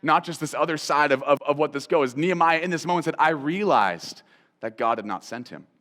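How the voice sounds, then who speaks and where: Animated male Bible teacher, higher-pitched. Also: brisk, big-room sound. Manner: animated, repeats phrases for emphasis, asks the listener direct questions. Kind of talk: conversational Christian teaching.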